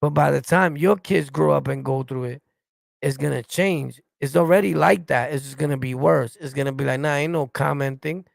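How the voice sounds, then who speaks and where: A man's voice: fairly high pitch, moderate pace, dry recording. A middle-aged man from New York with a New York accent, ranting bluntly and profanely at his livestream chat. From New York City. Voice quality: gravelly. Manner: blunt, confrontational, profane, repeats "you get it?". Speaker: streamer reacting and answering live chat. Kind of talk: heated livestream rant.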